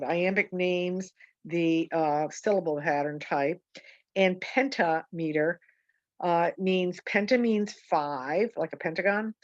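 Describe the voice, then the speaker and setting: A woman with a slightly low voice gives a slow poetry lesson on a video call, wandering from point to point with many ums and self-corrections. The audio is dull and dry, with no echo or room sound.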